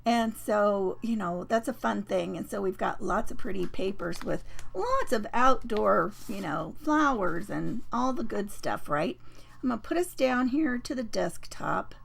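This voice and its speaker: A woman hosting a papercraft live stream, chatting casually and rambling with many fillers and restarts, her voice a bit croaky. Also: medium pitch, expressive, measured pace, a little hiss or hum. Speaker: host of a papercraft livestream.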